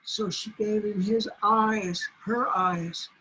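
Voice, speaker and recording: A man telling a traditional animal story aloud in a slow, deliberate way. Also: high voice, steady tone, sharp tone, a little hiss or hum, low-quality recording. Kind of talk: oral storytelling.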